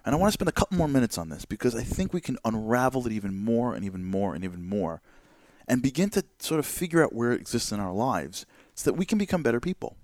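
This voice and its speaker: A man hosting a talk show, giving an animated monologue full of rhetorical questions and repeated words. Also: mid-range voice, fast, no room sound, studio quality. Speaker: host.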